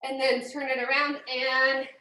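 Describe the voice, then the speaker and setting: High-voiced woman coaching a home workout. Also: little pitch movement, measured pace, pushed and bright. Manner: upbeat, counting reps while exercising. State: out of breath. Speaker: fitness trainer. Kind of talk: live workout instruction. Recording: echoey room, far from mic.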